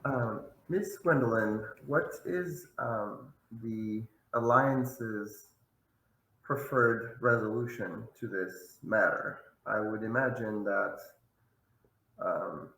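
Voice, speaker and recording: Slow, gravelly man, formal in character. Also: on the low side, fairly bright tone, reverberant, rough recording. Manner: measured, formal. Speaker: player. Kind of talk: in-character tabletop play.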